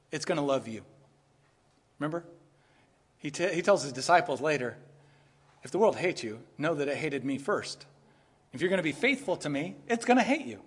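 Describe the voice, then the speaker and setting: Animated pastor man, higher voice. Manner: animated, laughs often, acts out quoted voices. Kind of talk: expository sermon.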